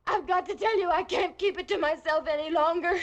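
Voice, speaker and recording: A woman's voice: extremely high pitch, fairly even intonation, fairly quick, muffled recording. An actress in an old film drama playing a woman who tearfully confesses a love she feels guilty about, crying as she speaks. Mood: anguished confession. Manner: sobbing, breaking confession. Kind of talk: 1960s film drama acting.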